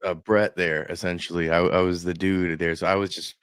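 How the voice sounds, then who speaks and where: A man's voice: low voice, flat delivery, brisk, a bit bright, clean tone, no room sound, studio quality. A man appearing as a guest on a podcast, chatting in a laid-back, casual and profane way. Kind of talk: casual chat.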